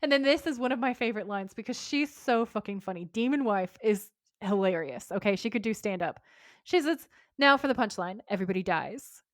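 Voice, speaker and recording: A woman's voice: a little high, lively intonation, fairly quick, no echo, studio quality. A woman co-hosting a podcast, chatting casually as she recaps episode scenes, reads dialogue aloud and giggles often. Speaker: podcast co-host.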